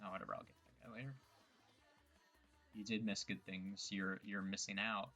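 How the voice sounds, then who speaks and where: A man's voice: fairly low pitch, flat delivery, normal speed, vocal fry, bright, forceful tone, dull audio, faint music behind. A young man giving loose, joking commentary while playing a game, rambling and poking fun at his own words. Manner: rambling, joking, self-mocking asides. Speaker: gameplay streamer. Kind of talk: casual gameplay commentary.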